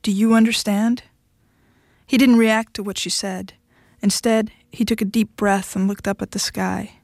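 A woman reading a short story aloud in a steady, even storytelling manner. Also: mid-range voice, moderate pace, creaky, dry recording, studio quality. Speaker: narrator.

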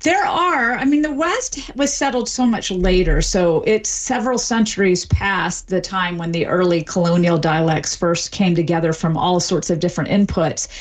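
A woman answering interview questions as an expert, explaining clearly and with examples. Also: on the low side, normal speed, hardly any pauses. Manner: articulate, lively, explains with examples. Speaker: dialect expert guest.

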